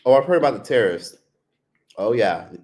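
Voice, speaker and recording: A man's voice: mid-range voice, sing-song, normal speed, darkish tone. A man casually chatting on a live stream, reading viewer comments and answering with loose, profane talk. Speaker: vlogger.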